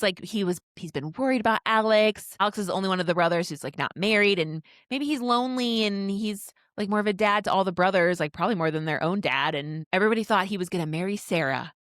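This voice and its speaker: A woman's voice: medium pitch, brisk, no room sound, clean studio sound. A woman co-hosting a book podcast, giggling as she retells a romance novel's plot and acts out the characters' lines. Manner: giggly, animated retelling with quoted dialogue. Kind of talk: casual recap of a romance novel.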